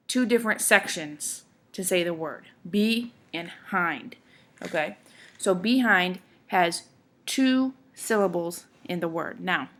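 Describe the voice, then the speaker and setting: A woman's voice: medium pitch, bright, forceful tone. A woman teacher giving a classroom lecture, explaining step by step in a patient way and often checking in with her students.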